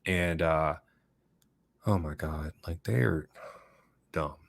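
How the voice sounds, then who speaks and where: A man's voice: extremely low pitch, very slow, creaky, dry recording, studio quality. A man hosting his own channel, talking casually and at length to his viewers and reacting to their comments, often tagging on "right?" and laughing between points. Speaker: channel host. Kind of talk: casual livestream monologue answering viewer comments.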